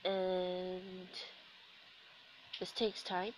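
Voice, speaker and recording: This young woman speaks extremely slowly in a lowish monotone, her throat sore from being sick. Even so, her casual let's-play commentary on a video game is chatty, sarcastic, and self-deprecating. The rough recording carries a little hiss or hum.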